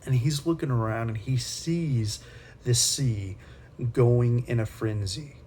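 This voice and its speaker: A man's voice: mid-range voice, slow pace, mellow, slight background noise. A man teaching Sunday school, retelling a Bible story in a casual, conversational way with slangy asides.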